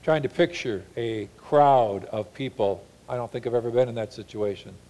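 A pastor with a mid-range voice preaches an earnest sermon. He slows and softens on key lines and slips into mock voices when paraphrasing.

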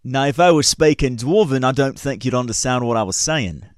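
A man's voice: medium pitch, fairly quick, no room sound, studio quality. A man who narrates a tabletop game as game master in a hesitant way, with many fillers.

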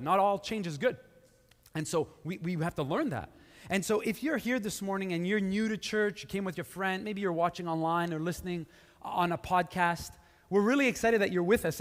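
A man's voice: sits high, a bit bright. A male pastor preaching casually and conversationally, with many fillers and restarts. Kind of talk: casual sermon. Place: church sanctuary. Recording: live church hall with long reverb.

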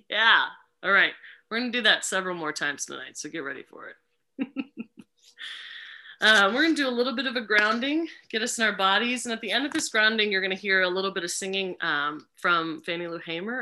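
A woman facilitating a group ritual over a video call, speaking gently and unhurriedly with many fillers. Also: mid-range voice.

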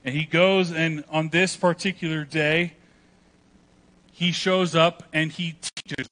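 A man delivers a sermon from the pulpit with a bright, forceful voice that sits a little high. His delivery is animated, and he now and then acts out voices from the story he is telling. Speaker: pastor.

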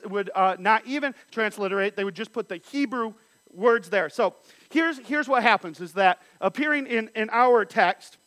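Guy with a pretty high voice leading bible study, reads verses then unpacks them, dry close sound. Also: a bit bright, no room sound. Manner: reads scripture aloud, then explains it. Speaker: Bible teacher.

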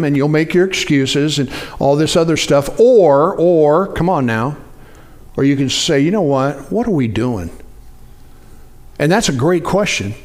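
A man preaching a sermon in a conversational way, often asking the congregation to respond. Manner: animated, jumps up in pitch for acted-out quotes. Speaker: pastor.

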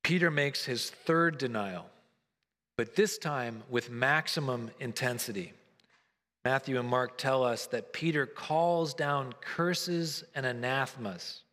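A man's voice: mid-range voice, slow pace, fairly bright tone, in a large hall. A man preaching a sermon, retelling a story earnestly and briefly acting out the lines of the people in it.

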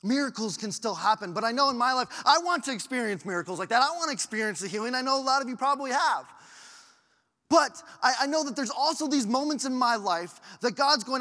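A man's voice: extremely high pitch, expressive, brisk, sharp tone. A man pastor giving an earnest storytelling sermon, often repeating words as he goes. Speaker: family life pastor. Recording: echoey hall.

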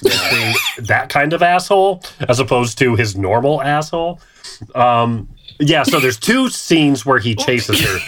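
A man's voice: medium pitch, measured pace, slight background noise. A man co-hosting a casual podcast, animatedly retelling a movie scene by scene and acting out its characters. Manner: animated storyteller who acts out characters. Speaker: podcast co-host.

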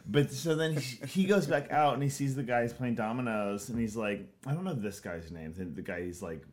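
Man animatedly recapping a film, swearing. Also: medium pitch. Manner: animated storytelling, profane, fast bursts. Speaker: podcast co-host. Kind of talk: casual film podcast chat.

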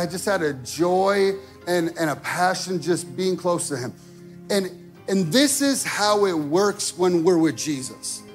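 A man preaching a sermon in a church, talking casually with lots of "like", rising to shouted peaks and dropping to quiet asides. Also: high voice. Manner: casual wording with many fillers like "like". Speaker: pastor. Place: church sanctuary.

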